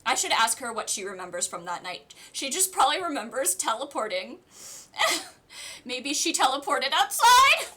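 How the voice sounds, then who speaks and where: A young woman streamer casually telling a storytime to her chat, chatty and animated, full of "like" fillers and laughter. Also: high-pitched, normal speed. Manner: answers live chat.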